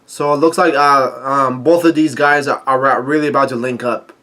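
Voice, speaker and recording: A man's voice: medium pitch, fairly even intonation, normal speed, bright, forceful tone. A man casually reading through a manga chapter, hesitant and full of fillers and restarts. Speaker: manga reader and commentator.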